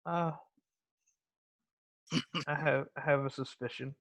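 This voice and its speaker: A man playing a tabletop role-playing game, speaking quietly and hesitantly. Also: mid-range voice, steady tone, takes it slowly, no echo. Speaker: player.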